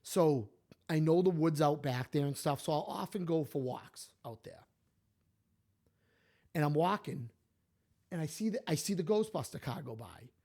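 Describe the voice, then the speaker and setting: A man, co-hosting a podcast, telling stories and opinions in an animated, emphatic way. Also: a little high, gravelly. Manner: animated, emphatic, repeats himself. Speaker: podcast co-host. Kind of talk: casual opinionated storytelling.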